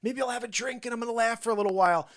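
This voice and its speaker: A middle-aged man hosting a live show, ranting in an animated improvised monologue that swings between loud outbursts and low muttered asides, with mocking put-on voices. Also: racing. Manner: does mocking put-on voices and mock Spanish.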